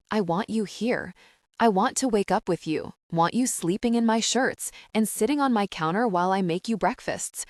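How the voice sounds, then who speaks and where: A woman reading an audiobook, voicing a tender, devoted young man who speaks softly and earnestly. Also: fairly low pitch, no room sound, clean studio sound, close to an everyday voice. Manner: soft, hushed and earnest. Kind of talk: audiobook narration.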